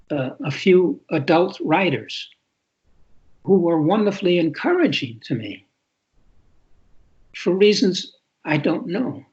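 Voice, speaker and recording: An author in his eighties from New York City speaks reflectively as an interview guest, often repeating words for emphasis. His voice is on the high side with a breathy edge, and the audio is lo-fi and muffled.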